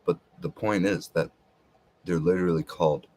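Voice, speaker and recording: A man's voice: deep voice, steady tone, normal speed, darkish tone, slight background noise. A man talking in a casual, rambling monologue, hesitant and full of filler words. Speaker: podcast host.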